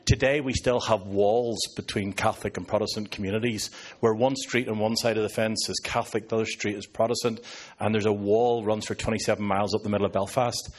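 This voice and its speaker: A man's voice: fairly low pitch, steady tone, fairly quick. Northern Irish man, 50s, pastor; sarcastic, joking preacher working the crowd. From Northern Ireland. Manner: joking, sarcastic asides to an audience. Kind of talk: sermon.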